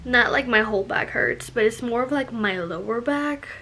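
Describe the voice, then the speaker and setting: A woman's voice: fairly high pitch, normal speed, bright, forceful tone. A young woman chatting casually in a vlog, filling her talk with "like" and "you know", a little out of breath. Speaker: vlogger. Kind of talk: casual pregnancy update vlog.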